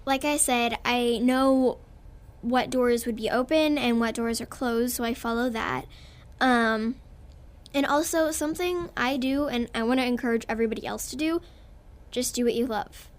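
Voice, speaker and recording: A woman's voice: fairly high pitch, normal speed. Giggly young Texan girl. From Texas. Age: child. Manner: bubbly, giggly, earnest. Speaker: guest actress. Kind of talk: radio interview.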